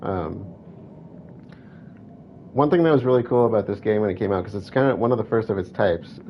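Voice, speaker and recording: Chatty man commentating a game. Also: on the low side. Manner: chatty, reads game text aloud, self-correcting. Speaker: gameplay commentator. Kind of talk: let's play commentary. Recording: dull lo-fi with faint hiss.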